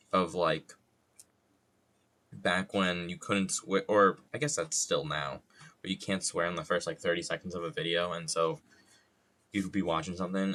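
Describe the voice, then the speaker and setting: A man's voice: low voice, sharp tone, a little hiss or hum. A young adult man streaming casually while wood carving, joking, rambling and swearing freely at his own expense.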